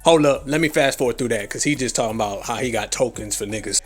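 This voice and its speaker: A man's voice: mid-range voice, fast talker, few pauses. A man hosting a live commentary stream, brash and heavily profane, laughing at his own jokes. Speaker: livestream commentary host.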